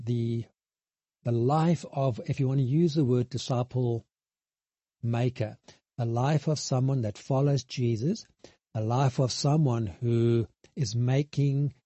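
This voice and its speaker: A man preaching a sermon, earnest and halting, with many restarts and emphatic repetition. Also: medium pitch, dark tone, husky, no room sound. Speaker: pastor.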